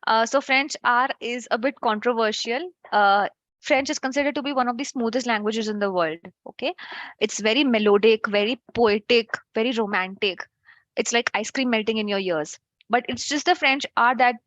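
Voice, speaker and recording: A woman's voice: a little high, a bit bright, dry recording, highs cut off. A woman teaching an online French class, chatty and checking in with her students.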